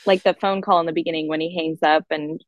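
A woman co-hosting a podcast, chatting casually and relaxed about a movie, quoting characters. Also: low voice, fast, lo-fi sound. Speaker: podcast co-host. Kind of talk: casual chat reviewing a movie.

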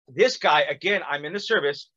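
Lively storytelling man, bright thin sound. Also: on the high side, a little fast, muffled recording. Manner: animated, acts out quotes with many fillers. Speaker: guest telling a personal story. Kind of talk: casual storytelling.

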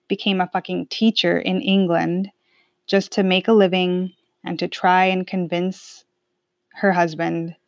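A woman's voice: on the low side, no echo, lo-fi sound. A woman telling a personal story in a casual, candid and reflective way, with some swearing.

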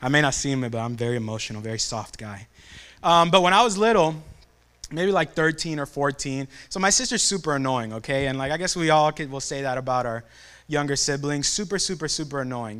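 A man's voice: a little high, clean tone. A young man giving a devotional talk, acting out family quotes as he tells a childhood story. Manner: animated storyteller who acts out family quotes.

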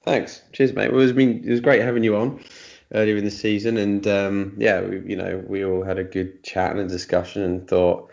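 A man's voice: fairly low pitch, level tone, normal speed, vocal fry, a little mellow, lo-fi sound. A man, a departing podcast co-host, chatting casually and joking at his own expense. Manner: self-deprecating, joking, many restarts.

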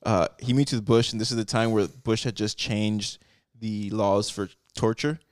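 Podcast co-host man, low voice on a dry close mic, tells stories casually. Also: fairly even intonation, dry recording. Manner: storytelling, quick to laugh, repeats his words. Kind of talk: casual chat.

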